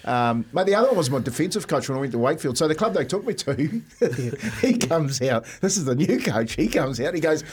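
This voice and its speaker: A man with a New Zealand accent, co-hosting a breakfast radio show, telling animated stories and acting out what people said. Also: on the high side, fairly quick, few pauses, husky. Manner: animated storyteller acting out quotes, laughs often. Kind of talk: casual storytelling chat.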